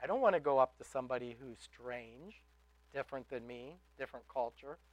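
A man preaching a sermon in an emphatic way, building to loud exhortations and dropping to quiet asides. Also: medium pitch, fairly quick, dry recording, muffled recording. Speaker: pastor.

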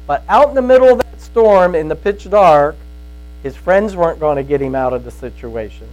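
A man's voice: fairly high pitch, animated, normal speed, a little mellow, rough recording. A man giving a conversational sermon as a Bible teacher, telling stories in a folksy way and often checking in with his listeners. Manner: storytelling, folksy, asks "right?" often.

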